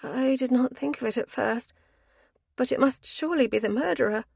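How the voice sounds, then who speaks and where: Woman voicing anxious gentlewoman, direct, urgent, raised tone, dry close recording. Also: sits high, normal speed, gravelly, breathy edge, no echo, voice pushed up, heavily acted.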